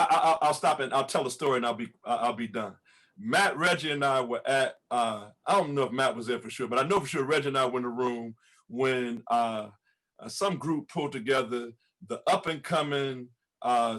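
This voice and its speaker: A man's voice: mid-range voice, fairly bright tone. A man who is a pastor, speaking fervently on a panel, laughing often and repeating words when stirred. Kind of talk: impassioned panel testimony.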